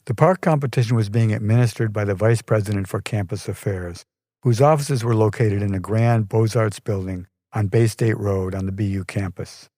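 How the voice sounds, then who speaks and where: Male podcast storyteller, low voice, measured and wry, dry close sound with faint music. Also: mellow, no echo. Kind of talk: scripted personal story narration.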